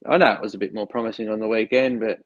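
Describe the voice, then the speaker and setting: A man's voice: on the low side, fairly even intonation, rapid-fire, highs cut off. A man with an Australian accent, a podcast guest talking in a laid-back, rambling way on his phone. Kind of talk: casual chat.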